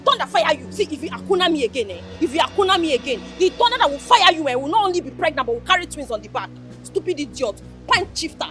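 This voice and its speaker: A woman with a Nigerian accent playing a brash, loud-mouthed young village woman who rants and hurls insults in pidgin. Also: high voice, expressive, a little fast, music in the background. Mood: scornful.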